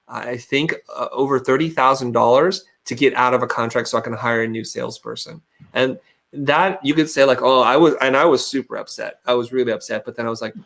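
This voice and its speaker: A man's voice: medium pitch, brisk, vocal fry, fairly bright tone. A middle-aged man on a video call, telling stories candidly as a webinar guest, often restarting his sentences. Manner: candid, storytelling, frequent restarts. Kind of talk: webinar interview.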